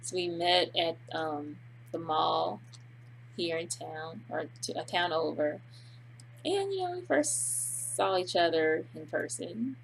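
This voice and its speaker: A woman's voice: fairly low pitch, animated, slow, gravelly, a little hiss or hum. A woman co-hosting a casual home vlog, telling a story in a chatty, rambling way. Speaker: host's wife, co-host.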